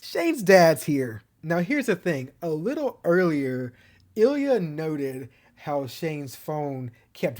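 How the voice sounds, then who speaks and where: A man's voice: a little high, a little mellow. Gushing male fan reviewing a show. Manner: gushing fan, laughs often. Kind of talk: casual recap and review.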